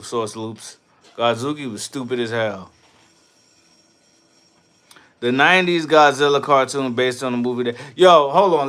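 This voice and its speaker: A man hosting a casual livestream, reading chat and riffing loudly with profane jokes, from New York. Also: mid-range voice, smooth. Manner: loud, profane, laughing riffs.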